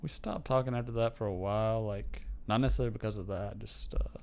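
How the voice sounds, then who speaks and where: Dry, gravelly low-voiced man. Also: fast, darkish tone. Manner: dry, understated, few words. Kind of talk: casual chat.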